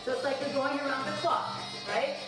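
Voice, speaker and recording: A woman's voice: high voice, fairly even intonation, fairly quick. A woman teaching a live belly dance class, counting beats aloud and cueing each move with encouragement. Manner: encouraging and upbeat. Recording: very echoey room, mic far off. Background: music playing.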